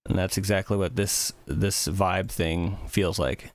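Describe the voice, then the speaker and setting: Low-voiced rambling male streamer. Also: slow pace, loud music behind the voice. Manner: rambling, relaxed, thinks aloud with many fillers. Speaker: music streamer. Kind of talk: casual livestream chat.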